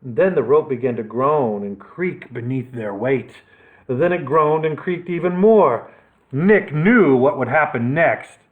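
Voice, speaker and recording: A man's voice: mid-range voice, lively intonation, unhurried. A male librarian reading a children's adventure story aloud for storytime, with dramatic expression. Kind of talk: storytime read-aloud narration. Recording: tinny phone-like sound.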